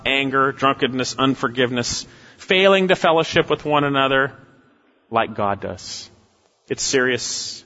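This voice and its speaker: A male pastor preaching a sermon with emphasis, swinging between raised exhortation and low, quiet asides. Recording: dull lo-fi sound with long hall reverb.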